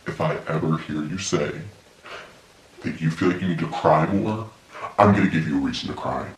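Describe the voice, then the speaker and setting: A teenage boy putting on his stern, angry father's voice, gruff and menacing, in an echoey room. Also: rumbling low, normal speed, pitched below the performer's own voice. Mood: threatening. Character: stern angry dad, threatening.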